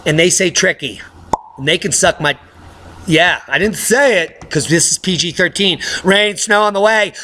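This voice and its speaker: High-voiced guy ranting about weather news, mocky and snarky, bright sharp tone. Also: expressive, unhurried. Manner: sarcastic, mocking, combative. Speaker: weather channel host.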